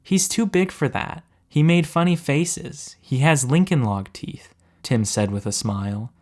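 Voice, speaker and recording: A man narrating a story aloud in a steady, measured way, slowing down for suspense. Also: lowish voice.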